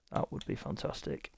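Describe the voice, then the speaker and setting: A young man streaming a racing league, talking to chat while he fumbles with setup, harried and apologetic. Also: darkish tone. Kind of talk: live-stream chat to viewers.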